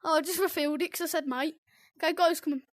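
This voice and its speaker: A British gaming video host with an excitable, teasing manner, yelping and giggling while commenting on a game. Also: sits high, quick pace, no echo, clean studio sound. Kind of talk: excitable let's-play commentary.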